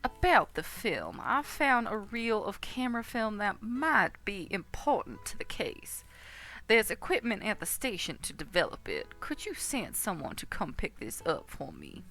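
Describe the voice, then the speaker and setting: A woman voicing a calm, self-assured animal detective in a measured way. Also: medium pitch, faint music behind. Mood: businesslike.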